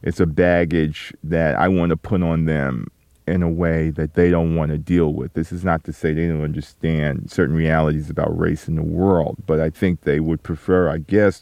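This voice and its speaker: Low gravelly man, halting and reflective. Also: a little mellow, dry recording. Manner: halting, many fillers and restarts. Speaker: interview guest, author. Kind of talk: reflective interview answers.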